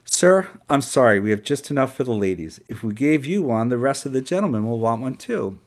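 A man's voice: medium pitch, animated, fairly quick, lightly acted. A man voicing a condescending male restaurant manager in a read-aloud story. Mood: patronizing. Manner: smug, patronizing.

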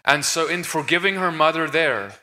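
He speaks at normal speed in a fairly high, pushed, bright voice, with slight background noise under the reverberant hall sound. The stage discussion on deliverance ministry comes across as earnest, emphatic preaching full of restarts.

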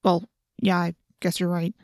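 A woman's voice: on the low side, fairly even intonation, brisk, creaky, no echo. A woman voicing a wisecracking teenage boy who grudgingly mutters an apology, in a dry-sounding audiobook reading.

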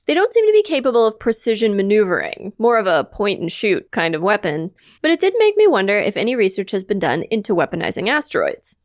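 A woman's voice: medium pitch, huge pitch swings, quick pace, few pauses, dry recording, clean studio sound. A woman co-hosting a podcast, casually explaining her research with light humor. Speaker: podcast co-host. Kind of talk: casual chat presenting research.

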